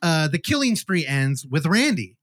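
A man's voice: a little high, sing-song, moderate pace, a bit bright, no echo, clean studio sound. A man hosting a podcast, animatedly retelling a movie in casual chat and swearing freely. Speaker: podcast host. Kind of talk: casual film review chat.

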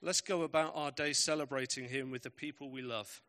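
A man's voice: mid-range voice, fairly even intonation, fairly quick, sharp tone. A man preaching a sermon, telling stories with emphatic, varied pacing.

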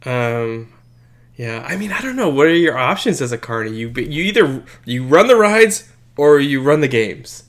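A man's voice: medium pitch, very animated, moderate pace. Rambling young man co-hosting a podcast. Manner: rambling, jokey, lots of fillers and restarts. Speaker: podcast co-host. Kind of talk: casual podcast chat.

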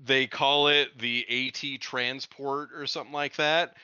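A man's voice: medium pitch, fairly even intonation, unhurried, pushed and bright, smooth, no room sound. A man in a casual film discussion podcast. He is enthusiastic and often laughs between his points. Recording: dull lo-fi sound.

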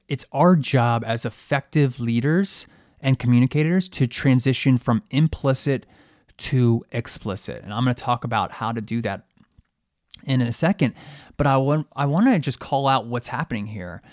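A man's voice: medium pitch, a little mellow, no echo, clean studio sound. A man hosting a podcast, a periodontist giving a conversational coaching monologue to dental teams, asking rhetorical questions and poking fun at himself.

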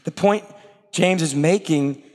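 A man preaching a sermon in a conversational way, slipping into quick acted asides. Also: fairly high pitch, a little mellow, long reverb tail. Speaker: pastor.

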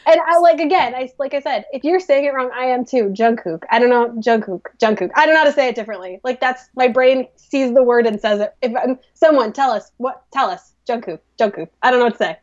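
A chatty woman from the United States co-hosting a casual podcast, her voice sitting well high. She talks in a self-deprecating way, with plenty of "like" and trailing phrases. The audio is a bit dull and lo-fi. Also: fast, few pauses. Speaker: podcast co-host. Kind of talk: casual chat.

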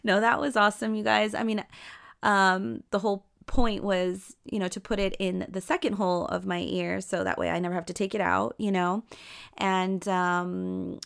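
A woman's voice: mid-range voice, flat delivery, moderate pace, creaky, clear, resonant tone. A woman co-hosting a podcast in casual chat, chatty and full of fillers, often acting out what she and her friends said. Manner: chatty, full of fillers and quoted self-talk. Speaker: podcast co-host.

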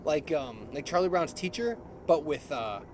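A man's voice: fairly high pitch, animated, normal speed, a little hiss or hum. A middle-aged man telling a story in casual chat, laughing often and mimicking other people's voices. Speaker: podcast co-host.

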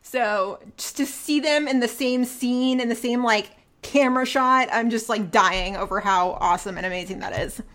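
Excitable woman gushing about shows. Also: fairly high pitch. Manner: excitable, gushing, fast asides. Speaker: podcast co-host. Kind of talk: casual fan chat.

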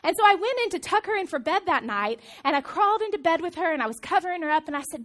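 A woman in her thirties, a pastor giving a sermon in a church, telling stories in a lively, conversational way. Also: very high voice, quick pace, few pauses. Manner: storytelling, animated, conversational. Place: church auditorium.

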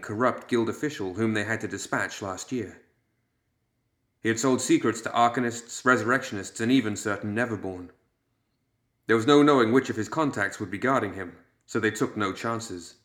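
Low-voiced man narrating a story. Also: fairly bright tone, reverberant. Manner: measured storytelling. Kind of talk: audiobook narration.

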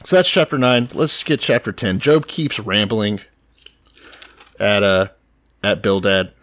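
A man's voice: on the low side, unhurried, fairly bright tone. A man co-hosting a podcast, walking through scripture chapter by chapter in casual chat with wry remarks. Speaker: podcast co-host.

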